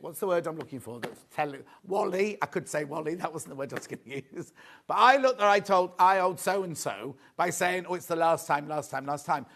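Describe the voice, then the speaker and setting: A man's voice: fairly high pitch, fairly bright tone. A man presenting a live sewing sales show, chatty and rambling, grumbling good-naturedly at himself. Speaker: shopping channel presenter.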